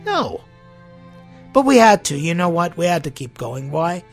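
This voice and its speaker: A man preaching a sermon as pastor, impassioned and full of rhetorical questions, swinging between loud appeals and hushed lines. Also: fairly high pitch, big pitch swings, measured pace, faint music behind.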